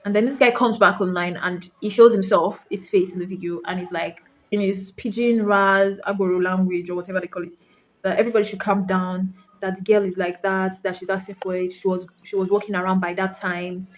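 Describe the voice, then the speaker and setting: A woman's voice: mid-range voice, steady tone, a little fast. A woman from Nigeria ranting to camera, emphatic and full of rhetorical questions, with some swearing. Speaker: vlogger. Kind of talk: impassioned rant to camera.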